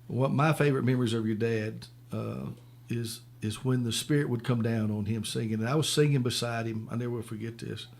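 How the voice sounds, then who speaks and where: A man hosts a relaxed radio chat, nodding along and then reminiscing. His mid-pitched voice carries a gravelly creak. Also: fairly quick. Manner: warm affirming listener, reminiscent. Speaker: radio show host.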